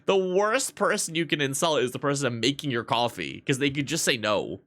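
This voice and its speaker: A man streaming and chatting casually, a barista telling profane, animated stories about customers. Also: mid-range voice, moderate pace, few pauses. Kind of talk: casual livestream chat.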